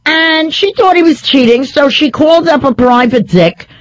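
A woman's voice: high voice, moderate pace, rough recording. A woman hosting a talk radio show, delivering a sarcastic, rambling, opinionated monologue.

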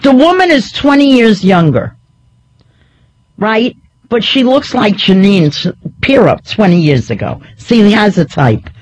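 A woman's voice: mid-range voice, very animated, unhurried, a little mellow, poor audio. A woman hosting a talk radio show, delivering a sarcastic, rambling, opinionated monologue.

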